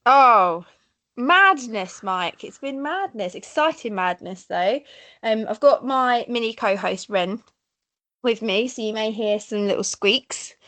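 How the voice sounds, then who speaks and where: A woman's voice: on the high side, lively intonation, slow, a bit bright. A woman in her thirties with an Essex accent, co-hosting a podcast in chatty, bubbly conversation full of laughs. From Essex, England. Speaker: podcast co-host. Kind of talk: casual chat.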